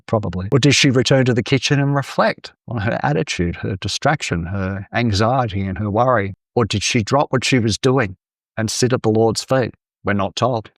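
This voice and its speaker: A man's voice: on the low side, no echo, clean studio sound. A man giving an online Bible teaching talk in a conversational, playful way, with acted-out asides.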